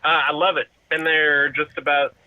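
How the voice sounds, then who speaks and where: Dry deadpan man on a muffled line. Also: fairly high pitch, normal speed, dry recording. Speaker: podcast guest. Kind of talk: casual podcast chat. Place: in a car.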